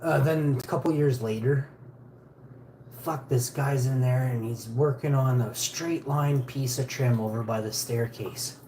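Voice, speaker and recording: A man telling a rough, profane story in a blunt, casual way as a vlogger. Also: mid-range voice, unhurried, warm tone, a little hiss or hum. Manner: blunt and profane, peppered with "eh" and "you know". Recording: roomy echo.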